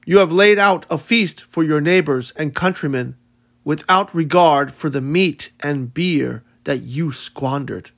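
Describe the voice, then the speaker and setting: A man's voice: a little high, measured pace. A man voicing a greedy, scornful uncle and aunt who mock their poor relatives, read as an audiobook. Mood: accusing. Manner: mocking, contemptuous questioning. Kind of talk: audiobook reading.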